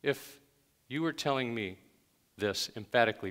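A man's voice: mid-range voice, a little slow, pauses often, a bit bright. A man preaching a conversational sermon to a church congregation, stressing each command with emphasis. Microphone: handheld microphone. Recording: long hall reverb.

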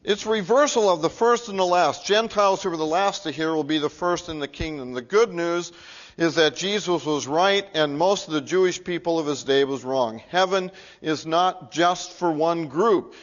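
A male pastor preaching an earnest sermon in a church, swinging from emphatic peaks to low, quiet appeals. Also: normal speed. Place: church sanctuary. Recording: muffled, lo-fi recording.

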